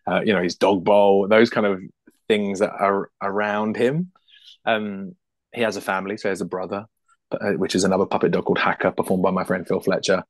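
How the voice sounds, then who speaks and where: A British man talking as a puppeteer guest in a casual interview. He is animated, laughs often and restarts his sentences quickly. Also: low-pitched, dry recording. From United Kingdom.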